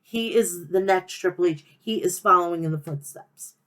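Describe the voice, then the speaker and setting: A woman's voice: lowish voice, normal speed, a bit bright. A woman with a nasal Long Island New York accent hosting a wrestling podcast, talking in a profane, passionate, rambling rant. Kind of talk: casual rant.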